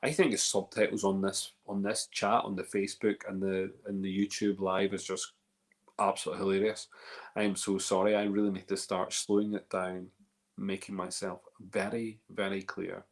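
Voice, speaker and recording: A man's voice: low-pitched, little pitch movement, moderate pace. A Northern Irish man hosting a whisky festival live stream, chatting casually and rambling, often repeating words. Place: live video call.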